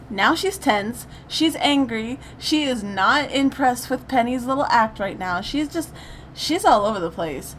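Young female let's-play host, bright high voice, very animated, gossipy commentary. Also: a little slow, a little hiss or hum. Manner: animated, gushing, chatty with laughter. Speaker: gaming channel host.

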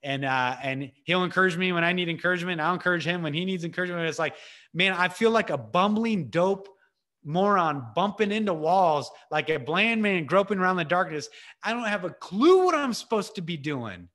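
A man giving an impassioned personal testimony over a video call, earnest and emotional, casual in his wording, moving between raised urgency and hushed intensity. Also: high voice, expressive, fairly quick. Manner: casual, with filler words and restarts. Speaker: ministry speaker.

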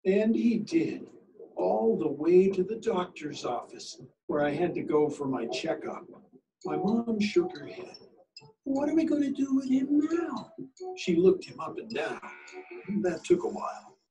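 A male teacher reading a picture book aloud in an expressive, sing-song storytelling manner. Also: fairly high pitch, measured pace. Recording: distant mic with faint music.

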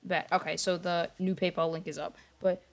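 Casual game-stream talk from a young man whose high-pitched voice stays flat at a moderate pace. He rambles, gets distracted, keeps apologizing to viewers and sometimes talks softly so as not to make noise.

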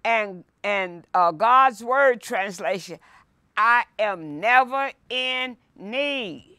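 A woman pastor leading a Bible lesson, reading scripture aloud and preaching with slow emphasis and repetition. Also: mid-range voice, expressive, pushed and bright, no echo, studio quality. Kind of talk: sermon-style Bible lesson. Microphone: no mic, by her own words.

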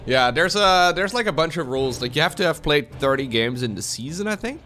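A man's voice: on the high side, expressive, brisk, pushed and bright, soft background music. A young man streaming games, chatty and sarcastic, who laughs often. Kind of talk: casual gameplay commentary.

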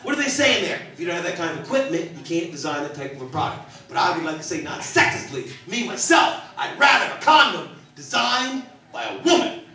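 A man's voice: sits high, sing-song, fairly quick. Older male comic in a roomy theater. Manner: punchy, mock-indignant, rising to shouts. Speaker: stand-up comedian. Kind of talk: stand-up comedy set. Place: large theater stage. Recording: echoey theater from a distance. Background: laughing audience.

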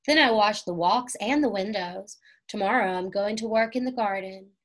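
A woman reading aloud gives voice to a storybook's kind and eager older boy, using a natural, medium-pitched delivery at normal speed. His friendly, cheerful pride shows as his voice climbs on the most exciting parts of what he has to say.

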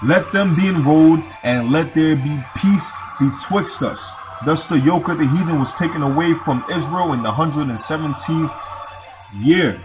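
A man's voice: fairly high pitch, normal speed. A man reading scripture aloud and breaking off into casual commentary, often tossing in "man" and "you see". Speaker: scripture teacher. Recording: dull lo-fi recording with music behind.

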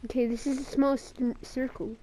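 A woman's voice: high voice, fairly even intonation, moderate pace, warm tone, slight background noise. A woman giving live commentary while playing a battle royale game, muttering to herself and breaking into sarcastic, swearing outbursts. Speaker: gamer.

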